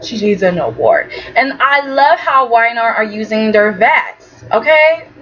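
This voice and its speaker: A woman's voice: on the high side, very animated, a little slow, a bit bright, muffled recording. A woman reviewing a soap opera in a chatty, opinionated way, often asking "okay?". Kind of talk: casual review talk.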